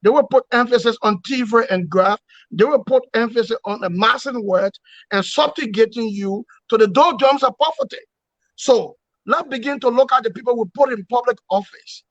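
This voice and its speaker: Emphatic man, high voice. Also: normal speed, fairly bright tone, no echo. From Liberia. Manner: emphatic, repetitive oratory with rhetorical questions. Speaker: opposition movement leader, guest. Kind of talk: political interview. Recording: dull, dry lo-fi sound.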